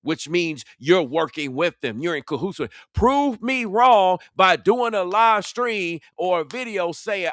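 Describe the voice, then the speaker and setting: Heated man roasting his rivals, sharp edgy voice, slightly high, dry close mic. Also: animated, normal speed, hardly any pauses, dry recording. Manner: confrontational, preachy, mocking. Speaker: online commentator. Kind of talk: heated reaction commentary.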